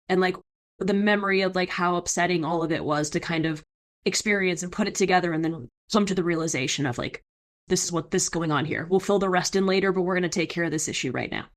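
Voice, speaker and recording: A woman interviewer reflecting in a thoughtful, hesitant way, full of filler words. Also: fairly low pitch. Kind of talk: casual conversation.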